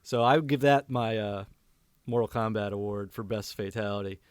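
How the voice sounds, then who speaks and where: A man's voice: lowish voice, moderate pace, smooth, dry recording, clean studio sound. A man guesting on a movie podcast, talking casually in a blunt, profane way with sudden laughing outbursts. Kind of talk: casual chat.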